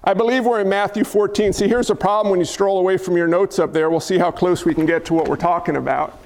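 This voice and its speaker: A man's voice: high-pitched, steady tone, fast, vocal fry, a little mellow. A man preaching a sermon in a church, talking in a conversational way with rhetorical questions and jokes for the congregation. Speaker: pastor. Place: church sanctuary. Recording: hall reverb.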